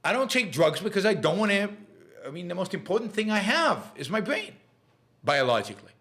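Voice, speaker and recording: A man's voice: high voice, very animated, bright, forceful tone. Chatty Israeli-accented man hosting a live show. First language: Hebrew. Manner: chatty, halting with frequent fillers and restarts. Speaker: podcast host. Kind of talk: live-stream Q&A chat.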